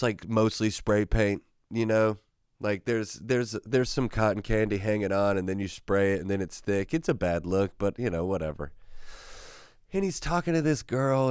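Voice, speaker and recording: Smooth low-voiced man telling a story. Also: a little mellow, no room sound, studio quality. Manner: rambling, self-mocking, gets worked up. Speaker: podcast host. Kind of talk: casual storytelling monologue.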